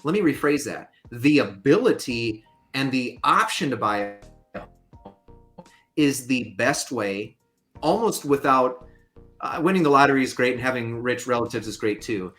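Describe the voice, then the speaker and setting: A man speaking as a guest on a podcast interview, mid-pitched and emphatic. He explains his points with conversational force and throws in the odd joking aside. Soft music sits faintly under his voice. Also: lively intonation, moderate pace. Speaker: guest, fair lending consultant.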